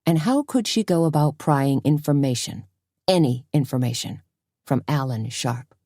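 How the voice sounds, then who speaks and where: A woman narrating a cozy mystery audiobook in an even, measured storytelling manner. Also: rumbling low, no echo, clean studio sound.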